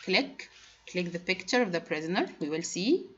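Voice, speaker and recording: A woman's voice: lowish voice, animated, moderate pace, fairly bright tone, a little hiss or hum. A woman whose first language is Arabic teaches English grammar in a patient classroom lesson, spelling out letters and rules one by one. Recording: dull lo-fi recording.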